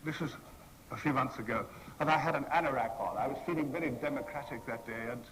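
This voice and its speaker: A man's voice: mid-range voice, fast, fairly bright tone, slight background noise, rough recording. A man telling wry, self-mocking stories to an audience as a convention panel guest, in a theatrical way. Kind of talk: anecdotal storytelling to an audience.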